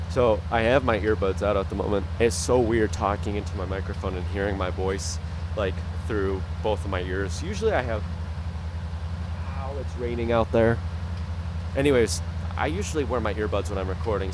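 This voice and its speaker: A young man chatting casually to viewers on a live game stream, rambling and correcting himself, recorded at home on a studio microphone. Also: lowish voice. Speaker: gaming streamer. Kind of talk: casual live-stream chat while playing. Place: home room with rain outside. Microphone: studio dynamic microphone, volume turned up. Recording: rain and outdoor noise behind.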